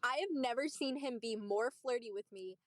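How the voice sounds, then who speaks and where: Young woman, high voice, casual chat, animated, profane. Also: normal speed, dry recording, studio quality. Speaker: streamer.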